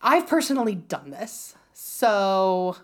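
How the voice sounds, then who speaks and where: A woman from Ohio co-hosting a podcast, chatting casually and acting out quoted exchanges with lively energy. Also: mid-range voice, takes it slowly. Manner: animated storyteller, acts out quotes with laughter. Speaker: podcast co-host. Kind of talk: casual chat.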